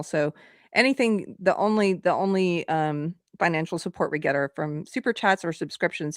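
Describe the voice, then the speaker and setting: A woman's voice: on the low side, no room sound, clean studio sound. A woman hosting a live stream, chatting casually, laughing often and reading viewer messages aloud. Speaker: livestream host.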